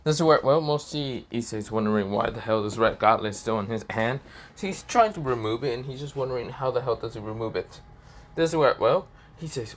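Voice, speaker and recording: A man's voice: mid-range voice, lively intonation, brisk. A man improvising a fan story narration in a rambling way, full of fillers and restarts.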